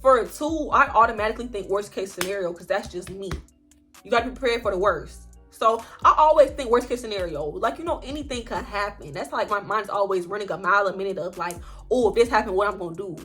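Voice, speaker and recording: A young woman telling a story in a casual vlog, animated and chatty, with frequent swearing. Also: medium pitch, a little fast, faint music behind. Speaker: vlogger.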